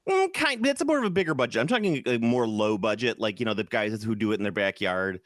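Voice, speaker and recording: A man's voice: on the low side, big pitch swings, fast, no echo. Chicago guy on a podcast, rambles n restarts a lot, eager, dry close mic. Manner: rambling, enthusiastic, trails off and restarts. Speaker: podcast co-host. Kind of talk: casual chat.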